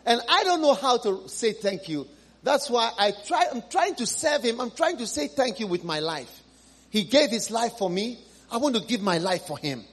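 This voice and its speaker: A husky-voiced man preaching a fervent sermon in a high, lively register that leaps around. He repeats his lines for emphasis and swings between ringing cries and soft, pleading appeals to the people before him. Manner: swings from loud high exclamations to low hushed appeals; repeats phrases for emphasis, pleading questions to the congregation. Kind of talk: impassioned sermon.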